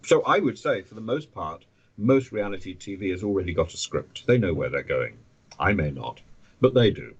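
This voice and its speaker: A man talking as a podcast guest, animated, often stammering and restarting his sentences. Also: low-pitched, normal speed, slightly rough, dull audio. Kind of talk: conversational podcast interview.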